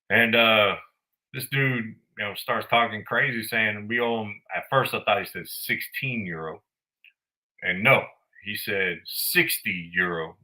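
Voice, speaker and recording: Male podcast host, casual storyteller, crisp bright tone, swears freely. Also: fairly low pitch, low-quality recording. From United States. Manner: animated, profane, blunt.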